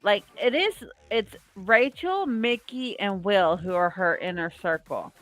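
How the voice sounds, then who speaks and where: Slow-talking, outspoken woman. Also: mid-range voice, no room sound, faint music behind. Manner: opinionated, outspoken, swears freely. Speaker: podcast co-host. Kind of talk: casual reality-show recap chat.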